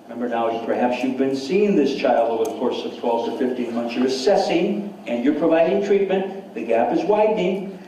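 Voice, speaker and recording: A man's voice: mid-range voice, animated, moderate pace, warm tone, slight background noise. Enthusiastic man lecturing in an echoey hall. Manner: enthusiastic, repeats words, asks the audience questions. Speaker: seminar speaker. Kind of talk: lecture to an audience. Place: seminar hall. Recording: echoey hall, speaker far from mic.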